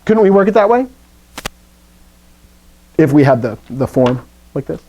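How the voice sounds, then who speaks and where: This is an unhurried live Greek class led by a male teacher whose pitch moves a lot while he explains. He sounds mellow and warm and playfully peppers students with questions. The dull audio carries a slight hiss or hum.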